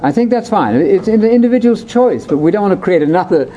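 A man leading a conversational Bible discussion, explaining in an animated way that jumps between high and low pitch. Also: quick pace, highs cut off, a little hiss or hum. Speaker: Bible teacher.

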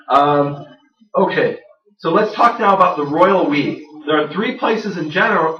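A man's voice: a little high, sharp tone. A man giving a conversational lecture to a live audience, self-deprecating, with many fillers and restarts. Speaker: lecturer on biblical grammar. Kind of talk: classroom lecture with jokes. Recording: roomy, distant, dull lo-fi sound.

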